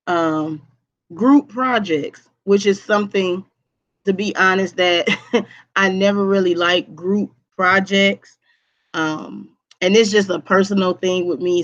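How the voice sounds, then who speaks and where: Teaching a live online class, a woman with a low-leaning voice repeats key points with emphasis and keeps asking her students "okay?". The audio has its highs cut off.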